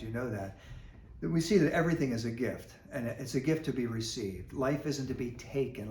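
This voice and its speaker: Folksy priest in an echoey room. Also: male voice, medium pitch. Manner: folksy and conversational, with many fillers. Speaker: parish priest. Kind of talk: casual video reflection. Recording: echoey room with faint noise.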